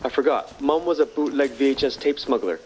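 A man's voice: medium pitch, a little fast, a little mellow, a little hiss or hum, natural voice. An actor playing a sarcastic, defensive brother who keeps the books for his crime family. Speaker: family accountant. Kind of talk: audio drama acting.

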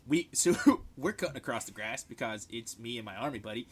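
A young man on a casual podcast, telling military stories in an animated, swearing way and shouting out the lines he quotes. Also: mid-range voice, brisk, breathy edge. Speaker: podcast co-host, military veteran. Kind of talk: casual storytelling chat.

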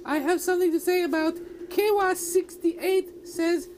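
A woman with a very high voice chats casually as a player in the game. Background noise runs steadily under her. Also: a little slow. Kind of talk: casual chat.

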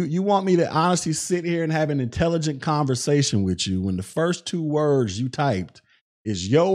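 A middle-aged man hosting a livestream podcast, reading chat messages aloud and getting angry and profane with a viewer. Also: medium pitch. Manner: irritated, profane, rising to shouting. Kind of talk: livestream commentary.

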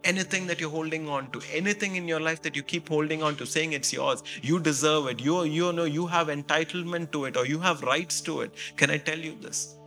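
A man, a pastor, preaching a sermon in an animated storytelling way, full of "you know" fillers. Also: a little high, brisk, hardly any pauses, faint music behind.

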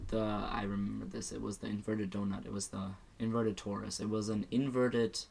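A man's voice: on the low side, level tone, normal speed, creaky, darkish tone. Casual co-host: man, joking and sarcastic, rambles through a plot recap, light background noise. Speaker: podcast co-host. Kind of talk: casual chat recapping a movie.

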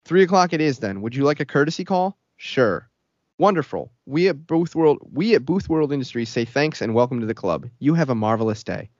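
A man's voice: mid-range voice, lively intonation, brisk, darkish tone, no room sound, natural voice. A man voicing an eerily polite female phone operator with a scripted customer-service cadence, on a dull lo-fi recording. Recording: dull lo-fi sound.

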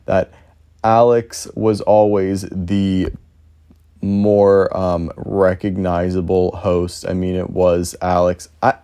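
This young man hosts a solo podcast in a deep, mellow voice. Casual and rambling, he's self-deprecating and swears freely as he thinks aloud.

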